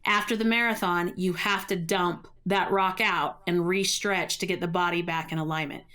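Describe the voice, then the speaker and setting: A woman's voice: fairly low pitch, steady tone, moderate pace, sharp tone. A middle-aged woman, a vocal coach, explaining voice care in a podcast interview. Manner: explanatory, uses running metaphors.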